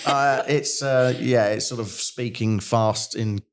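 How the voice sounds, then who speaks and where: A middle-aged man, a podcast guest telling stories in an animated, jokey way. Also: mid-range voice, slow pace. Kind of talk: casual conversational storytelling.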